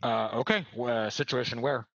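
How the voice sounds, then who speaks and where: A man voicing a flustered technician on a walkie-talkie who stumbles over his words and rushes to leave. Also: medium pitch, a bit bright, no echo, lo-fi sound, voice pushed down, natural voice. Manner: hesitant, full of "uh"s, eager to leave. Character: flustered male technician on the radio.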